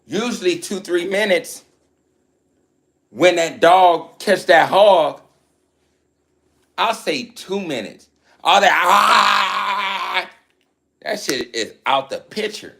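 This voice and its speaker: A man's voice: sits high, lively intonation, slow pace, long pauses. Profane, boastful man ranting about dogs. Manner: blunt, profane, boastful, mocking rivals. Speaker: dog breeder. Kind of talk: casual rant to camera.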